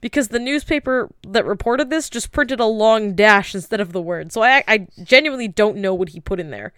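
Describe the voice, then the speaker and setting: A woman co-hosting a podcast, telling stories in an animated, profane way. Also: medium pitch, a little fast, clean tone, no room sound, studio quality. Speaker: podcast co-host. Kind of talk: casual podcast chat. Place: lives in New York City.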